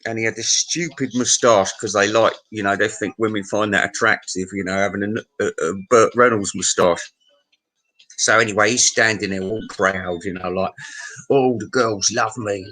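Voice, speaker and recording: A man's voice: fairly low pitch, fairly bright tone, poor audio. A man telling a crude, meandering pub anecdote and chuckling at his own tale. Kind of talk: rambling pub anecdote monologue.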